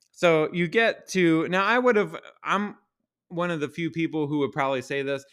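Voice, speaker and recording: Bright-voiced man ranting with heavy profanity. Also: mid-range voice, clean tone. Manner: profane, exasperated, rhetorical questions. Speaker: podcast host. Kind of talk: casual ranting monologue.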